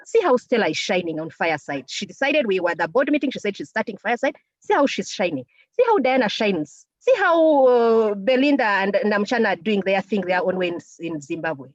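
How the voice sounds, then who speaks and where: A woman speaking to a women's group as a co-founder and technical officer, lively and animated, laughing often and speaking straight to her listeners. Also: medium pitch, no room sound. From Uganda. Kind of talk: motivational talk. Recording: dull lo-fi sound.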